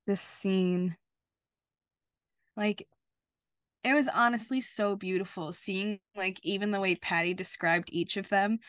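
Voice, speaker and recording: A woman's voice: medium pitch, fairly bright tone, dry recording, clean studio sound. A woman co-hosting a podcast, recapping a TV episode in heartfelt, gushing chat with many fillers. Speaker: podcast co-host.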